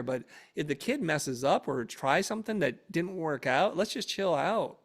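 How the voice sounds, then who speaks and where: A man's voice: fairly high pitch, moderate pace. A middle-aged man, an interview guest, telling a casual family story and acting out the dialogue animatedly. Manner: animated, acts out dialogue in raised voice.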